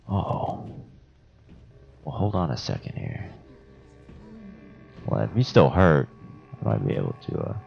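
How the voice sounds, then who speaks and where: A young man giving profane, excitable commentary while playing a video game, talking trash at enemies. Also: extremely low pitch, vocal fry. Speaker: gameplay commentator. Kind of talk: let's play commentary. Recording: dull lo-fi sound.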